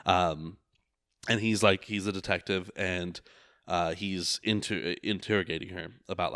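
Low voiced guy rambling thru stories, swears a ton, dry close mic. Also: normal speed, a bit bright, no room sound. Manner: rambling storyteller, heavy swearing. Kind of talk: casual chat.

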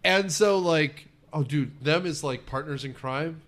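A man's voice: fairly high pitch, unhurried, a bit bright. A man in his thirties co-hosting a movie podcast, rambling and crude in casual chat. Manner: rambling, crude, self-interrupting. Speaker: podcast co-host.

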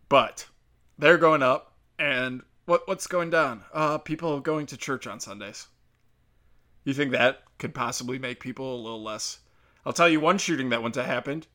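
Bright-voiced man ranting crudely. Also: medium pitch, unhurried. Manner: crude, sarcastic and profane. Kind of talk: casual solo rant.

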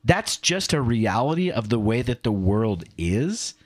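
A middle-aged podcast co-host tells stories and rants with emphasis in casual chat, coming across as an animated storyteller. His voice is mid-range and he speaks unhurriedly.

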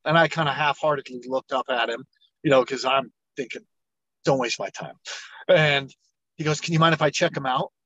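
A middle-aged man, an entrepreneur guest on an interview show, telling his story with lively acted-out dialogue. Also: medium pitch, normal speed, dry recording, highs cut off. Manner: animated storyteller, acts out quoted dialogue.

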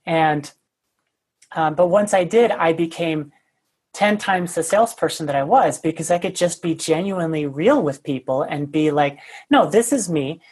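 Woman, low husky voice, candid self-deprecating podcast guest. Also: normal speed, a little mellow. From United States. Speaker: guest, sales consultant. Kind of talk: casual podcast storytelling.

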